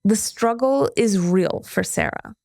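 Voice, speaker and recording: A woman's voice: mid-range voice, unhurried, darkish tone, no echo, studio quality. A woman host giving earnest scripted narration between a guest's clips. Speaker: podcast host.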